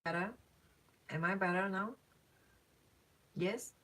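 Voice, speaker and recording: A woman giving a live psychic reading in a blunt, emphatic way. She circles back and repeats herself to drive each point home. Her pitch sits in the middle range. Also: steady tone, slow pace, a bit bright, poor audio. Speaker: psychic reader. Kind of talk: live-stream reading, casual chat.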